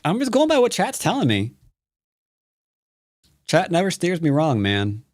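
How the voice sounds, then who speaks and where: A man's voice: fairly high pitch, wildly swooping pitch, unhurried, no room sound, studio quality. A man teaching Go on a live stream, talking casually and playfully, joking with his chat and rambling with fillers and restarts. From United States.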